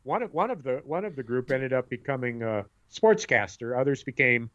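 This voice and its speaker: Middle-aged male podcast co-host, lively storyteller, bright tense tone, muffled lo-fi sound. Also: medium pitch, moderate pace. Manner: animated storyteller, acts out voices. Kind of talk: casual chat. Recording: dull lo-fi sound.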